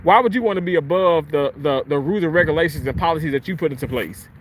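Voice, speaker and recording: A man's voice: on the high side, quick pace, breathy edge. A man hosting a livestream and ranting angrily, swearing heavily and repeating himself as he vents. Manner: profane, heated, repetitive. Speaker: livestream host. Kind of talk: angry livestream rant.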